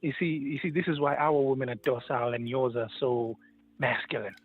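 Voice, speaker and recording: A South African man calling in, quick to protest and laugh, often calling the host sir. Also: medium pitch, steady tone, slightly rough. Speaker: caller. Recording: tinny phone line.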